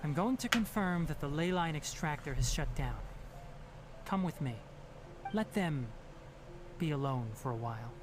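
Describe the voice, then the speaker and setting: A man voicing a calm young male forest ranger in a video game, speaking in a measured, gentle, sober way. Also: fairly high pitch, lightly acted. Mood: somber. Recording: game audio with background noise.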